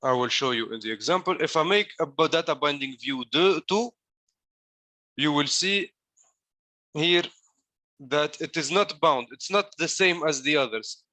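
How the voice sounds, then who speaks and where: A man's voice: a little high, expressive, measured pace, long pauses, bright, forceful tone, no room sound. A man coaching a class through code in a live walkthrough, explaining each step while demonstrating it. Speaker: coding coach.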